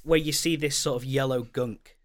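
A man co-hosting a film podcast, playful and quick to laugh, often restarting his sentences. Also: medium pitch, steady tone, crowd noise. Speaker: podcast co-host. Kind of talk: casual film review chat.

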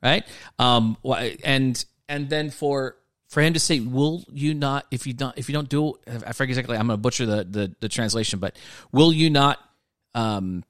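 A man co-hosting a faith podcast, speaking in an even, middle voice. He explains thoughtfully and asks probing counseling questions, sometimes poking fun at himself. The recording is dry and close. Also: mid-range voice, moderate pace, dry recording. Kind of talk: casual faith podcast chat.

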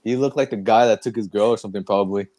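A man's voice: fairly low pitch, racing, warm tone. A man co-hosting a podcast who chats casually and chimes in with jokes. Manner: joking interjections. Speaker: podcast co-host. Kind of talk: casual chat.

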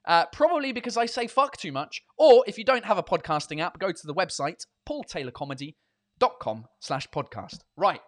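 Sweary, chatty man with a high voice. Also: expressive, fairly quick. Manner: swears freely, self-mocking, chatty with many fillers. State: tired. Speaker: comedy podcast and livestream host. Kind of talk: casual rambling chat.

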